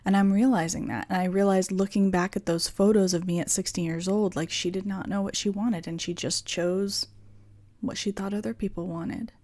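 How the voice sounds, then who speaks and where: A woman in her thirties hosting a podcast, talking through personal reflections in an earnest, halting way with lots of restarts and fillers. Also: mid-range voice, fairly even intonation, a little mellow. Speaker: podcast host.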